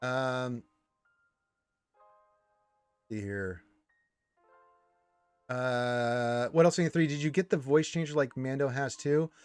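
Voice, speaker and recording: A man hosting a casual gaming livestream, reading chat comments aloud and reacting with loud greetings and low grumbles. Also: steady tone, slow pace, pauses often, smooth, no echo, soft background music. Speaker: livestream host.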